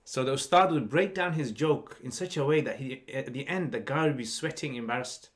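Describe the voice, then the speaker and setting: A man's voice: medium pitch, a little fast. A man, a mufti hosting a podcast, chatting casually and telling anecdotes with frequent laughs. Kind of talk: casual chat.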